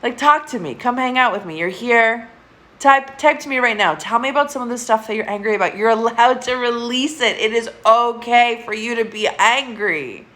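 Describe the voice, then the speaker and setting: A woman's voice: a little high, moderate pace, fairly bright tone. Woman, 30s; therapist hosting a live stream, candid and profane, keeps talking straight to her viewers. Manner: candid, swears often, urges viewers to comment.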